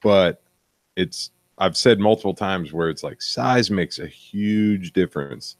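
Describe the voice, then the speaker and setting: Deep dry-sounding podcast man. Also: a little slow, no echo. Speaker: podcast co-host. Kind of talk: casual chat over drinks.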